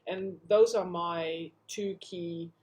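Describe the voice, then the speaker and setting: A woman being interviewed about animal communication, telling her story in a lively way and acting out the voices she quotes. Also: lowish voice, takes it slowly. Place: Sydney.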